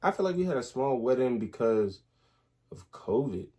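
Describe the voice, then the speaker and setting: A young man, casually telling animated stories in a couple's Q&A, full of slang and restarts. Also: mid-range voice, moderate pace. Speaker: soldier in the Army, husband.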